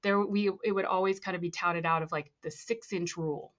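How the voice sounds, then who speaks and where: A young woman, a guest on a talk show, telling her story in a casual, animated way and acting out the voices of people she quotes. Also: on the low side, a little fast. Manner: animated, acts out quoted voices, laughs often. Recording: slightly dull lo-fi sound.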